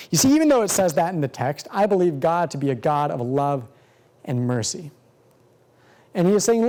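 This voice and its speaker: Earnest pastor with a mellow voice. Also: male voice, on the high side, gravelly. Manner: measured, earnest, slows for emphasis. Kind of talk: sermon-style Bible teaching.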